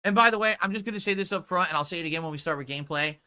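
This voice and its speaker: A man's voice: high-pitched, racing, bright, forceful tone, a little hiss or hum. A man streaming live, talking to his chat in an indignant, lecturing way, arguing back and asking for support. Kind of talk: livestream talk to chat.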